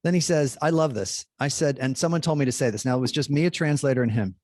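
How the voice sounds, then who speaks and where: A man's voice: mid-range voice, fast talker, darkish tone, no room sound. Chatty man telling a story, dry sound. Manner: chatty, many fillers and restarts, acts out dialogue. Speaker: Jesuit priest, guest speaker. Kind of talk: animated anecdote telling.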